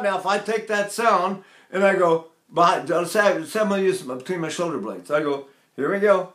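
An older man, a voice teacher, giving a vocal technique lesson in a rambling, digressive way and pausing to sing demonstrations. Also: sits high, fairly bright tone. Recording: echoey room.

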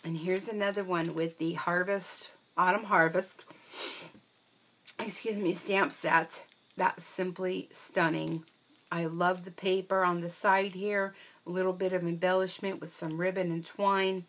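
A woman's voice: on the low side, flat delivery, unhurried, a bit bright. A woman craft vlogger chatting casually and gushing with delight as she shows handmade cards, with frequent ums. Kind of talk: casual show-and-tell.

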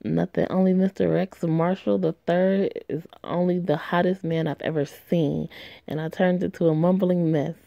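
A woman's voice: lowish voice, steady tone, normal speed, vocal fry, mellow, dry recording, muffled recording. A woman voicing a nervous young female job applicant who talks in a flustered, self-doubting way.

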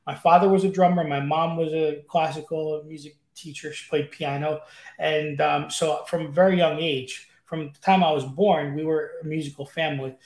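A man's voice: fairly high pitch, fairly even intonation, normal speed. A man as an interview guest, chatting eagerly and rambling with lots of fillers. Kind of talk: casual interview chat. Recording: roomy echo.

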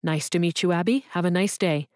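Brief: woman narrator doing a polite, businesslike publicity director, brisk delivery, dry close sound. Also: fairly low pitch, a little mellow, dry recording, close to an everyday voice.

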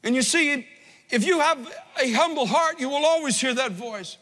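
A pastor preaching an impassioned sermon that swells from hushed to loud. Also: male voice, extremely high pitch, lively intonation, normal speed, big-room sound.

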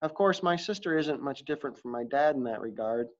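A man's voice: medium pitch, lively intonation, brisk. Man narrating a story, confessional tone. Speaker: audiobook narrator. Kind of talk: first-person audiobook narration. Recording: dull lo-fi audio.

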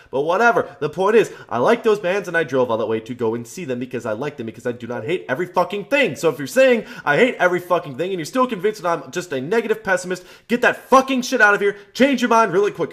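Loud, high-voiced ranting man. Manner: loud, profane, emphatic ranting. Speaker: channel host. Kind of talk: ranting vlog.

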